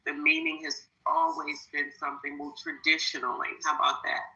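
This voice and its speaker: A woman arguing her case at length in a podcast debate, insistent and hard to stop. Her voice is lowish for a woman and very bright and forceful. The room gives her a clear echo. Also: sing-song, a little fast. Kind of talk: heated debate. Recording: roomy echo.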